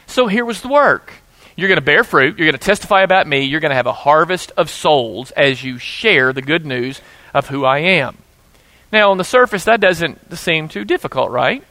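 Male pastor, sermon, forceful bright tone, slightly high voice, earnest storytelling. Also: moderate pace, no echo. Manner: earnest, animated storytelling with repeated restarts.

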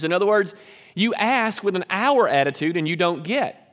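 A pastor preaching an earnest sermon, sometimes acting out selfish prayers in a raised voice. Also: male voice, sits high, very animated, moderate pace, a bit bright, long reverb tail.

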